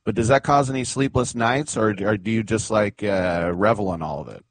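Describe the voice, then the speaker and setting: A man's voice: lowish voice, moderate pace, no echo. A man hosting a sports radio talk show, telling rambling stories in a chatty way and laughing at them.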